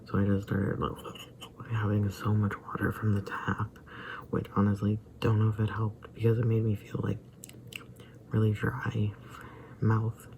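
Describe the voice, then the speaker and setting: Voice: mid-range voice, monotone, a little slow, vocal fry, long pauses, darkish tone, a little hiss or hum, low-quality recording. A young adult vlogger who feels sick, rambling hesitantly and often slipping into a whisper. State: feeling sick and tired. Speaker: daily vlogger. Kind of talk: rambling personal vlog.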